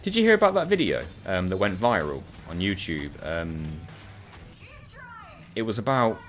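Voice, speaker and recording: A man's voice: low voice, sing-song, normal speed, soft background music. A man co-hosting a gaming channel, chatting casually over co-op gameplay and telling rambling stories with acted-out quotes. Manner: rambling, storytelling, acts out quoted voices. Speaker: co-host.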